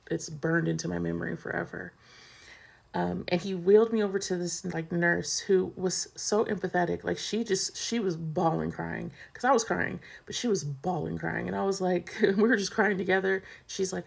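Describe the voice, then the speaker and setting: A woman's voice: lowish voice, creaky, darkish tone, breathy edge. A woman vlogger candidly telling a personal story in a casual, chatty way, full of "like".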